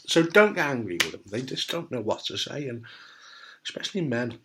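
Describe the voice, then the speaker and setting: Brief: middle-aged man from the UK, blunt and jokey straight talk, medium-pitched voice, casual swearing. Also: very animated, fairly quick, fairly bright tone. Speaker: testicular cancer survivor giving advice. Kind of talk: candid casual talk to camera.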